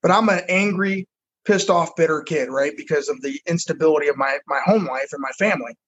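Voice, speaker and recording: A man's voice: fairly high pitch, brisk, fairly bright tone, husky, dull audio. A middle-aged man, a football coach, telling his own life story frankly and earnestly in a conversation. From United States. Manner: earnest, frank storyteller who repeats words as he goes.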